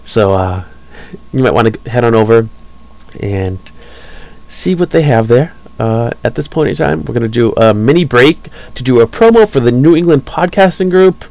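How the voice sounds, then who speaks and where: Gravelly-voiced man hosting a podcast. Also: medium pitch, lively intonation, normal speed, a little mellow, rough recording. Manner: rambling, chuckling, enthusiastic. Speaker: podcast host. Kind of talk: casual podcast talk.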